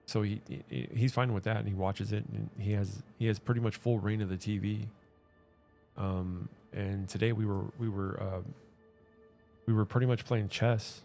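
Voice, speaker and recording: A man with a low, gravelly, mellow voice talks while he plays, rambling through his stories. He trips over his words and restarts his sentences often. Quiet game music plays underneath. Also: fairly even intonation, moderate pace. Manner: hesitant, many restarts and fillers. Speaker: gaming streamer. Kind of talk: casual rambling chat while gaming.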